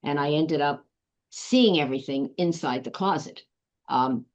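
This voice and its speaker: A woman guest speaking reflectively in conversation, pausing with ums. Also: deep voice, a little mellow, highs cut off. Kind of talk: casual conversation.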